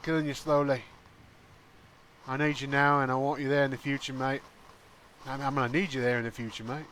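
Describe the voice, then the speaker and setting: A man's voice: medium pitch, little pitch movement, brisk, fairly bright tone, slight background noise, natural voice. A man voicing an earnest male pirate who pleads with a friend in a heartfelt speech. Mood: pleading.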